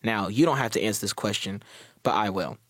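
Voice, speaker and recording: A man's voice: lowish voice, fairly quick, fairly bright tone, dry recording, clean studio sound. A man presenting a prepared, confident commentary for a media program and signing off. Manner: confident, with scripted sign-off.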